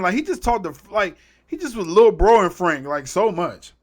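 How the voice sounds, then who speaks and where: A man's voice: high-pitched, moderate pace, fairly bright tone. A man giving a casual, rambling movie recap as a YouTuber, slangy and trailing off mid-thought.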